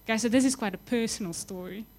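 A young woman delivering a sermon with fervent, swelling emphasis that falls back into hushed, tender lines. Her voice sits a little higher than most. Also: fast talker. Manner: impassioned, rising to emphatic peaks then dropping soft. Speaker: preacher.

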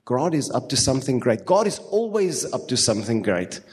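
A male pastor with a South African accent preaching a sermon with fervent, repetitive phrasing and quick asides. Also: medium pitch, very animated. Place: church hall. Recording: long reverb of a church hall.

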